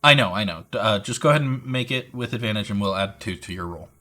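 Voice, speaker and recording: A man narrating as dungeon master, relaxed, with many fillers. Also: on the low side, fast. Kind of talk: narrating a tabletop game.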